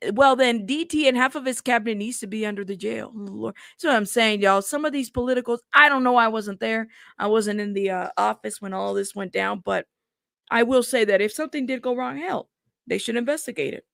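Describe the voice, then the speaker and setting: A woman's voice: fairly high pitch, normal speed, creaky, a bit bright, dry recording, clean studio sound. A woman hosting a casual news commentary show, reading headlines aloud and reacting to them in a chatty way.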